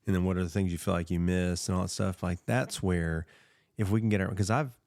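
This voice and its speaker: A man with a low voice chats easygoingly on a faith podcast, quick with a joke. The sound is dry and close to the mic. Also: steady tone, gravelly, a little mellow, no room sound. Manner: easygoing, joking. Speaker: podcast co-host. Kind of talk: casual chat.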